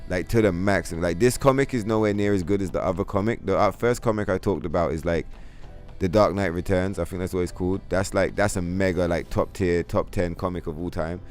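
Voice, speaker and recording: Male streamer host, very deep voice, rambling, profane chat. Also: a little fast, soft background music. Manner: profane, rambling, animated storytelling. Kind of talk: casual livestream chat.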